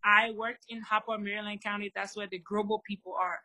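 A woman from Liberia talks through her culture as an interview guest. Her voice is bright and forward, and she explains with example after example. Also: mid-range voice, a little fast, rough recording. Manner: animated storyteller, explains with examples. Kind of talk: conversational interview.

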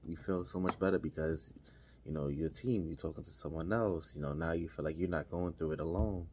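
A man's voice: extremely low pitch, steady tone, brisk, darkish tone, slight background noise. A man talking casually and repetitively, encouraging listeners to work as a team. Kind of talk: motivational monologue.

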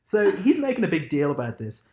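A man's voice: a little high, big pitch swings, a little fast, a little mellow. A man chatting casually on a podcast, rambling with lots of fillers and laughing asides as he recaps a show. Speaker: podcast co-host. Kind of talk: casual chat recapping a TV drama. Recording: roomy echo.

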